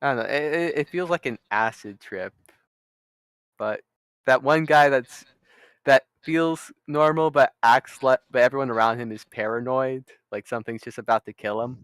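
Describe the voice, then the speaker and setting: Smooth-voiced joking man playing a tabletop game. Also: mid-range voice, normal speed, fairly bright tone, no room sound. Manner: playful, jokey, rambling. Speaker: player. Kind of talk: casual chat at a tabletop game.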